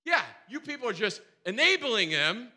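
A man voicing an irate middle-aged tenant who yells rapid complaints and demands. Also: high voice, lively intonation, exaggerated voice. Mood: yelling. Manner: yelling, hectoring, rapid complaints.

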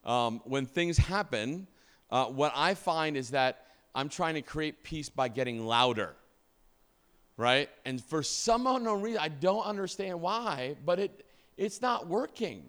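A man's voice: fairly high pitch, animated, measured pace, fairly bright tone. A middle-aged male pastor preaching a conversational sermon, casual and full of fillers and restarts, often asking the congregation questions.

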